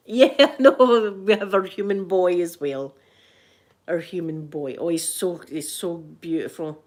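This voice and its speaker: A woman's voice: medium pitch, a little slow. Chatty Scottish woman telling stories. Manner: animated storyteller, laughs often. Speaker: vlogger and grandmother. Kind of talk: chatty ASMR vlog.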